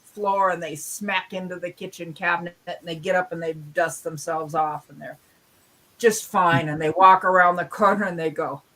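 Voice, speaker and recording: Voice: medium pitch, steady tone, moderate pace, sharp tone, low-quality recording. Joke-telling voice in a casual chat. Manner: storytelling, tells jokes with punchlines.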